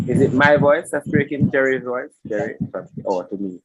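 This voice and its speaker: A man's voice: mid-range voice, animated, moderate pace, hardly any pauses, poor audio. A man hosting a live online webinar, chatty and improvising through technical trouble, his audio breaking up over a computer mic. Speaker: webinar host. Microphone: computer mic on a video call. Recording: broken-up online call audio.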